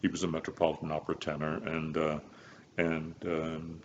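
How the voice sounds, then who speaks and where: Older man from Kansas, very low voice, rambling anecdotes full of "um"s, slightly dull recording with faint hiss. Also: monotone, moderate pace. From Kansas, USA. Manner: rambling, many fillers and restarts, frequent chuckles. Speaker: opera bass telling career stories. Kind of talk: relaxed interview storytelling.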